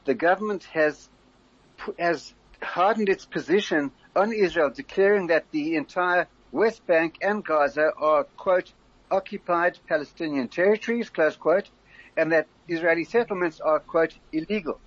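An older man, a former community leader, explaining current affairs in a measured radio interview, often restarting his sentences. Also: on the high side, no echo, dull audio.

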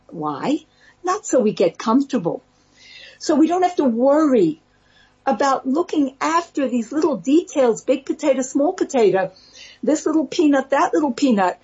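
A woman teaching a Torah talk in a slow, earnest, pleading cadence. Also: high voice, animated, a little mellow. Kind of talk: spiritual talk. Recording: muffled lo-fi recording.

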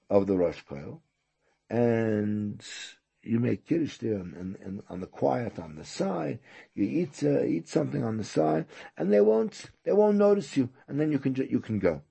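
A man's voice: medium pitch, big pitch swings, measured pace, vocal fry, warm tone, slightly rough, exaggerated voice. A man voicing a fussy male attendant who stammers and hesitates.

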